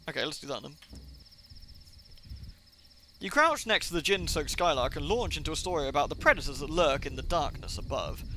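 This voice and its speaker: Male streamer, casual read-aloud with asides; bright, faint hiss behind. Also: fairly high pitch, low-quality recording. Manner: chatty, reads text aloud with asides and fillers. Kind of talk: casual game-text reading aloud.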